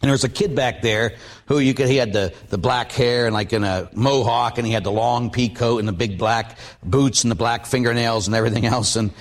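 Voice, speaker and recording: A middle-aged male Catholic priest giving a storytelling sermon, acting out the quotes in his stories with big swings in his voice. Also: brisk. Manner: animated, acts out quotes with big pitch jumps.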